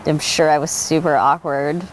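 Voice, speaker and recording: A woman from Oregon interviewed for an oral history, telling lively stories with many fillers and frequent laughs. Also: low voice, moderate pace, a little hiss or hum. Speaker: winery worker being interviewed.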